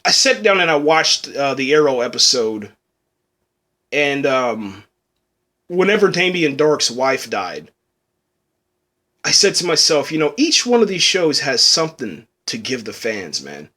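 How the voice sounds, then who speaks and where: A man's voice: mid-range voice, very animated, unhurried, sharp tone. A man reviewing a TV episode in casual, rambling talk, often saying "man", getting tearful as he speaks. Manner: rambling, says "man" a lot, restarts. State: tearful, choked up.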